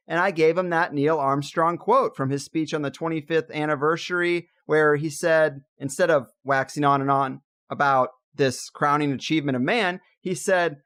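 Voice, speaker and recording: Male podcast host, slightly higher voice, loose and conversational. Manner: relaxed, thinks aloud with frequent "like"s. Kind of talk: casual conversational interview.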